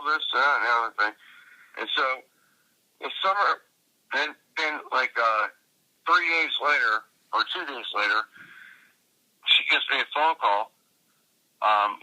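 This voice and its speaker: A man's voice: mid-range voice, unhurried, pauses often, pushed and bright. A man telling a long, profane story in casual conversation, full of fillers and restarts, recorded from a phone call. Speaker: interviewee.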